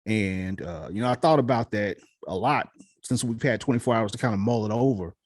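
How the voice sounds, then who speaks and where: A man's voice: fairly low pitch, fairly quick, no echo, clean studio sound. A man co-hosting a casual podcast chat, talking things through in a reflective, conversational way. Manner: reflective, conversational, repeats "so forth and so on". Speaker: podcast co-host.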